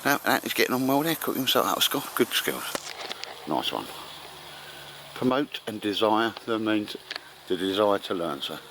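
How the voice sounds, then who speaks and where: A man with a lowish voice talks casually while out in the woods, encouraging those around him and calling them mate and sir. The outdoor recording carries a clear layer of background noise. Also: animated, normal speed. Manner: chatty, encouraging, calls everyone mate and sir. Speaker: bushcraft vlogger and host.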